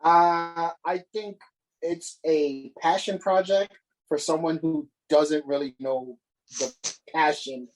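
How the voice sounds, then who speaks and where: A man's voice: fairly high pitch, fairly even intonation, takes it slowly, low-quality recording. A man co-hosting a casual podcast, ranting with frequent swearing and restarts. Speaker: podcast co-host.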